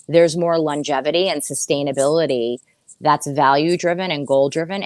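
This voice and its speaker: A woman's voice: low voice, dry recording. A woman therapist, a guest on a podcast, explaining ideas earnestly with frequent restarts and rhetorical questions. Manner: steady teaching flow with rhetorical questions.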